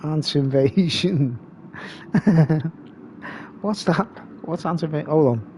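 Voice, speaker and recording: A man's voice: a little high, lively intonation, slow, a little mellow, a little hiss or hum. A man hosting a live stream, rambling casually and reading comments aloud.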